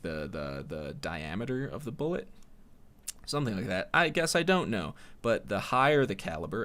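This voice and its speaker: Low-voiced guy on his solo podcast, swears a lot, rambles, voice goes up and down a lot. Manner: profane, rambling, sardonic. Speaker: podcast host.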